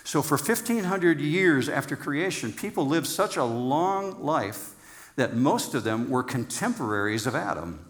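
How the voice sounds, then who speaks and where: Middle-aged pastor, playful conversational sermon. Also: male voice, medium pitch. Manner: conversational and playful, teasing the congregation; repeats words for emphasis, slows down on key phrases.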